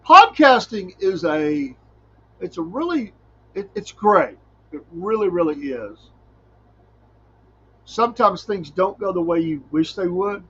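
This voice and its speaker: A man's voice: high voice, animated, unhurried, pushed and bright, highs cut off, slight background noise. A middle-aged man, a preacher hosting a podcast, talking in a folksy, rambling way and laughing often. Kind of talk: casual solo podcast talk.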